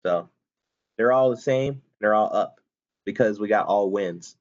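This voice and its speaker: A man instructor with a low, darkish voice moves at a measured pace through a step-by-step spreadsheet tutorial for students. He keeps it casual and self-correcting. This screen-recorded software lesson has a muffled sound.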